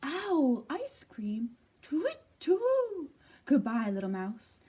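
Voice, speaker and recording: Woman reading as a fussy treetop owl, breathy and half-whispered. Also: medium pitch, expressive, slow, dark tone. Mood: hushed.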